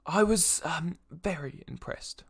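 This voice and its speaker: A man voicing a polite, formal older male noble who talks with hesitant pauses. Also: a little high, lively intonation, vocal fry, slightly rough, pitched above the performer's own voice, full character voice. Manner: formal, courteous phrasing with hesitant ums.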